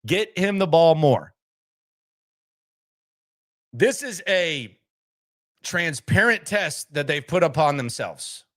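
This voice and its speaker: A man's voice: fairly high pitch, expressive, takes it slowly, long pauses, fairly bright tone. A man hosting a live sports talk stream, emphatic and repetitive, hammering his points home and rambling with restarts and asides. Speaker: sports talk show host.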